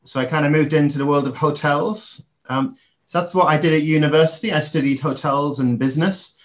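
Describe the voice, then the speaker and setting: A man's voice: on the high side, a little fast. An English man in his forties, a guest on a podcast interview, talking reflectively with frequent ums and restarts. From England.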